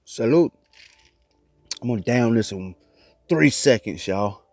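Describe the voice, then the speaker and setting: A man's voice: fairly low pitch, expressive, normal speed, a little mellow, faint music behind. A man vlogging casually from inside a small closet, rambling in a loose, chatty way while he eats. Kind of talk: casual mukbang chat.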